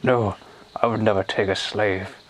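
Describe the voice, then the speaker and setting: A man's voice: fairly low pitch, steady tone, normal speed, a crowd in the background, lightly acted. A man voicing an earnest young male orc peon, slightly flustered.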